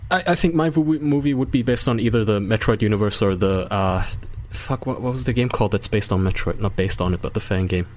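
A man co-hosting a casual podcast who stumbles over his words and gets excitable when he cuts in. His voice sits on the low side. He also reads listener letters aloud. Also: a little fast, hardly any pauses. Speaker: podcast co-host.

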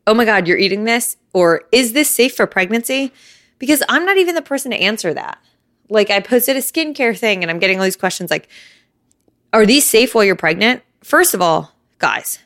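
A woman's voice: medium pitch, a bit bright, no echo, clean studio sound. A young woman hosting her own podcast, talking candidly and a bit out of breath, with frequent "like.". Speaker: podcast host. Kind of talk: casual solo podcast talk. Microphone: phone.

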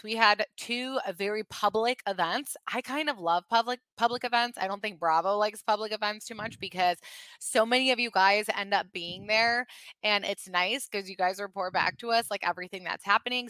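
A woman in her thirties hosts a casual podcast, talking in an excitable, chatty way. Her voice is bright and a little forceful. It is recorded close up in a dry space. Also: fairly high pitch, clear, resonant tone, no echo. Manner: chatty, excitable, laughs often. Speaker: podcast host. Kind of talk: casual chat.

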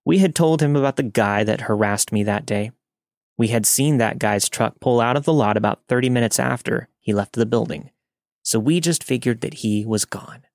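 A man narrating a first-person story in a steady, matter-of-fact way. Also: medium pitch, moderate pace, gravelly, dry recording, clean studio sound.

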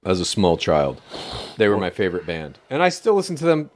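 A middle-aged man co-hosting a podcast, teasing and swearing in relaxed banter. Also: sits low, fairly quick. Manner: lively, teasing, profane. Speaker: podcast co-host. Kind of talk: casual stoned banter.

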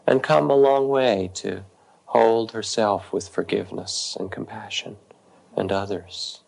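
A middle-aged man, a meditation teacher, calmly telling a story in a dharma talk with gentle, unhurried pauses. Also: on the low side, vocal fry.

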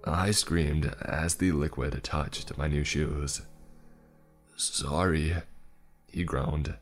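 A man narrating a first-person horror story in a dry, sarcastic tone. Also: a bass voice.

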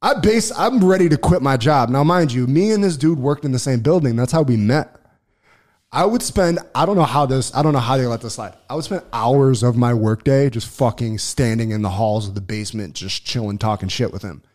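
A man telling a long personal story on a casual podcast, swearing freely, restarting sentences and getting loud when excited. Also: medium pitch, brisk. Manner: profane, rambling, lots of restarts and fillers; gets loud and excited when reliving events. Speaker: podcast co-host.

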